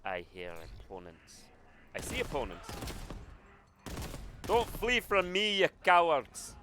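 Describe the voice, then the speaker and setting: A man's voice: mid-range voice, moderate pace, noisy background, close to an everyday voice. A man putting on a swaggering soldier. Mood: taunting. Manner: boastful, bloodthirsty taunting. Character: brash swaggering male soldier with a put-on accent. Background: game music and gunfire.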